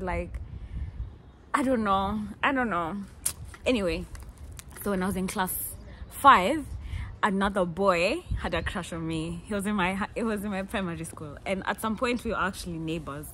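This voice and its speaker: A Kenyan woman in her twenties, telling stories in a lively, playful way and acting out the people she quotes. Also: mid-range voice, normal speed, a little hiss or hum. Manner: animated, playful, laughs often, acts out quotes. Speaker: vlogger. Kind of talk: casual storytelling.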